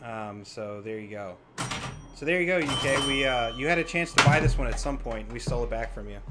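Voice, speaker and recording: A man's voice: mid-range voice, expressive, brisk, loud music behind the voice. A man co-hosting a live pinball stream, explaining the game in a hesitant way, full of fillers. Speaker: stream co-host. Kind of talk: casual chat explaining the game. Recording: loud background noise.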